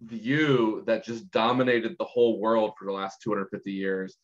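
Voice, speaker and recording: A man's voice: on the low side, steady tone, normal speed. A man hosting a podcast in casual conversation, enthusiastic and affirming, reflecting on ideas. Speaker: podcast host. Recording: slightly dull, lo-fi sound.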